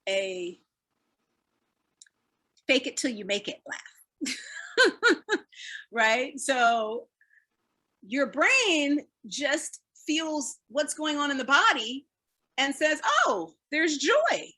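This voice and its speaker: A woman leading a laughter and stress-relief workshop, energetic and encouraging, laughing often as she explains. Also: sits high, very slow, pauses often. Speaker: fitness speaker leading a wellness talk. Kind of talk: live online wellness workshop.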